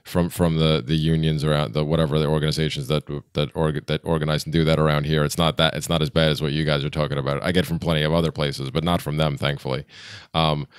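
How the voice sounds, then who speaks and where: Deep smooth-voiced guy rambling on a podcast, laughs a lot, dry close sound. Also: little pitch movement, fast talker, no room sound. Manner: rambling, laughs often, restarts his sentences. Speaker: podcast co-host. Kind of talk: casual chat.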